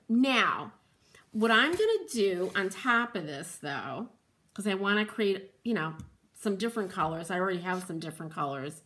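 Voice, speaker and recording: A woman with a mid-range, slightly bright voice hosts a live painting demo, chatting with viewers and reading their comments aloud as she works. She tosses in playful asides and laughs often.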